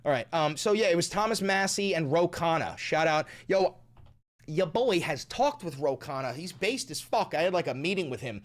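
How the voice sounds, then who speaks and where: A man hosting a political commentary stream, talking in a profane, excitable way and laughing often. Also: on the high side, moderate pace. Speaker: streamer host.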